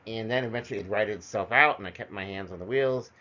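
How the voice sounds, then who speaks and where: A man's voice: lowish voice, fast, bright, forceful tone. A middle-aged man telling personal stories in a loose, conversational way, full of fillers, heard as a dull lo-fi recording. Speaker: storyteller. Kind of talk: personal storytelling monologue.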